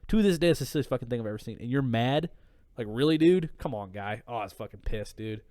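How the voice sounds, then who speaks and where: A man's voice: mid-range voice, animated, fast talker, dark tone, dry recording, studio quality. Profane, heated man telling a story. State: tipsy. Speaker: podcast guest. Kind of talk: casual drunk podcast chat.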